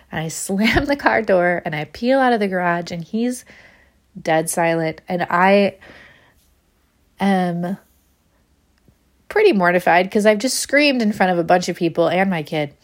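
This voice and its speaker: A woman's voice: mid-range voice, animated, measured pace. A woman, hosting a podcast and telling a candid, self-deprecating personal story, laughing often. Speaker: podcast host.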